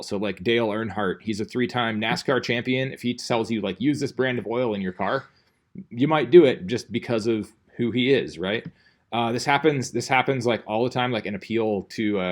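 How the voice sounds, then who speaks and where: A male teacher giving a casual classroom lecture, rambling and conversational, full of fillers and restarts. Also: lowish voice.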